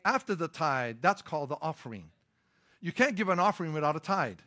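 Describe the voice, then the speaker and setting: A man's voice: a little high, big pitch swings, fairly quick, pushed and bright. A middle-aged man preaching a sermon as pastor, emphatic and punchy, mixing scripture with personal stories. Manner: emphatic preaching with rising, stressed lines and storytelling asides.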